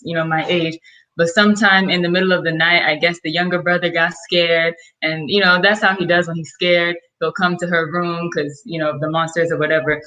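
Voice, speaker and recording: Hesitant low-voiced woman guest. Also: fairly bright tone, low-quality recording. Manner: hesitant, many fillers, candid. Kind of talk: personal storytelling in a talk.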